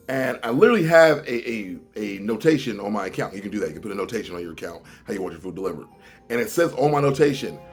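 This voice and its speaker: Male vlogger, comedic storyteller; lively pitch, exaggerated delivery. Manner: animated, exaggerated swings between loud and muttered.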